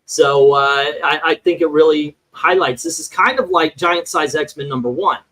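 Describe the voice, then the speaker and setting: A man's voice: on the high side, moderate pace, sharp tone, rough recording. A man hosting a casual livestream chat, reading viewer comments and scores aloud with many fillers. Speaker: host.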